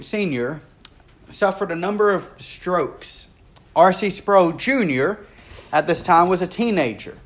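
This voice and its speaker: A man preaching a sermon, telling a story earnestly and swinging between rising intensity and hushed, quiet stretches. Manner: earnest, builds in intensity and then drops low and quiet.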